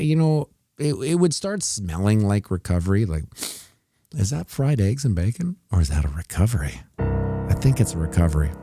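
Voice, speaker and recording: A man's voice: low-pitched, gravelly, dark tone, no room sound, clean studio sound. A man hosting a casual livestream, rambling and joking through market commentary with many restarts. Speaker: host of a crypto price livestream. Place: home setup with TVs.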